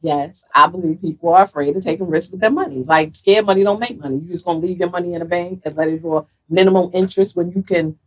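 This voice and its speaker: A grandmother in her sixties, sassy and quick with comebacks in a casual family chat. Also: fairly low pitch, rough recording. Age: 60s.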